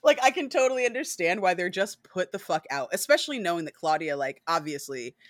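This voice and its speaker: This speaker is a podcast co-host chatting about a book, full of "like" and "right?" and casual swearing. Now and then they jump into high, loud impressions of characters. The recording sounds dry and close, with a middle-pitched voice. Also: fairly quick, no room sound. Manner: animated, swears freely, peppers speech with "like" and "right?".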